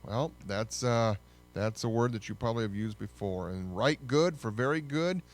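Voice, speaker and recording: A man's voice: fairly low pitch, normal speed, soft background music. A man hosting a casual educational talk, chatty and folksy. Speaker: host.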